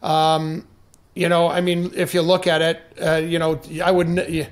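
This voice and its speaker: A man's voice: a little high, monotone, moderate pace. A man as a podcast guest, answering casually with many restarts and hesitations.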